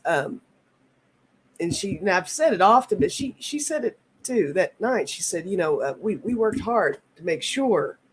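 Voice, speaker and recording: A woman in her fifties hosting a live tarot stream, talking in a halting, earnest way and reading viewer comments aloud. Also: on the low side, husky. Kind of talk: casual live-stream chat.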